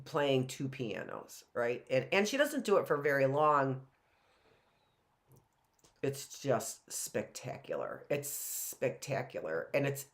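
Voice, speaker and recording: A middle-aged woman teacher chatting to her students in a loose, rambling way. Her voice sits a little low but moves a lot, rising and falling freely as she talks. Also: a bit bright. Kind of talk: casual classroom video talk.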